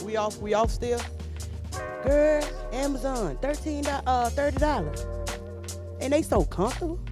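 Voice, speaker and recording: A woman's voice: high voice, lively intonation, a little slow. A woman hosting a live poetry slam, chatting casually and urging the crowd to clap. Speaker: event host. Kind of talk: emcee banter at a poetry slam. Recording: music playing behind.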